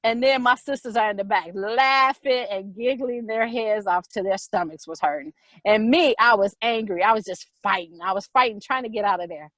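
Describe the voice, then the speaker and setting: A middle-aged woman casually telling a personal story, animated, with quick repetitive retelling. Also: medium pitch, dry recording, poor audio.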